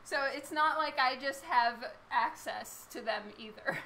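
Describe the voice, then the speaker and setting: A woman artist chatting casually with her live-stream viewers while she draws, laughing often, her voice a little hoarse. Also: high voice, takes it slowly, pushed and bright, a little hiss or hum, low-quality recording. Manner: chatty, laughs often, reads and answers chat. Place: home studio with a fan running.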